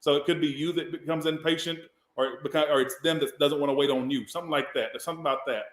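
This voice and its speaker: A man's voice: a little high, steady tone, fast talker, fairly bright tone, roomy sound. A man from the Southern US, giving a casual, rambling tarot reading and swearing now and then. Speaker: tarot reader.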